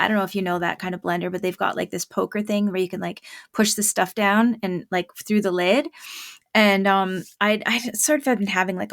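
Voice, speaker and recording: Chatty woman host with creaky voice. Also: medium pitch, dry recording, studio quality. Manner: chatty storyteller, laughs often, many fillers. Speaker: podcast host and parent coach. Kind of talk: casual podcast conversation.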